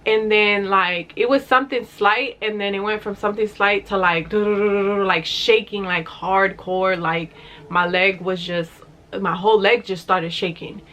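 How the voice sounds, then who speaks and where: A woman's voice: medium pitch, steady tone, unhurried, fairly bright tone. A young woman vlogger telling a personal story in a rambling, casual way, full of fillers and swearing.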